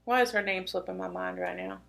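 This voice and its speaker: A woman's voice: lowish voice, fairly even intonation, a little fast, gravelly, fairly bright tone. A woman co-hosting a true-crime podcast in casual chat, blunt and speculating aloud. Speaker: podcast co-host.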